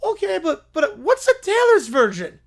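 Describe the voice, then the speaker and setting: Guy doing a high whiny cartoon mad scientist, complaining nonstop. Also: animated, a little fast, creaky, exaggerated voice. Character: scheming middle-aged male cartoon mad scientist.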